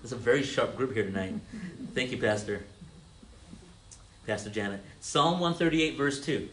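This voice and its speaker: A man's voice: medium pitch, normal speed, long pauses, a bit bright. Man preaching an interactive sermon. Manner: calls on listeners, repeats their answers, frequent stammered restarts. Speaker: pastor teaching a congregation.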